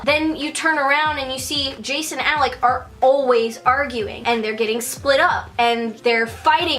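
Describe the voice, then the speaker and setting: Woman chatty vlogger, high voice, opinionated, light music playing behind her. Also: fairly bright tone. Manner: chatty and opinionated, with lots of fillers. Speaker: TV and book reviewer. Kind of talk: casual review vlog.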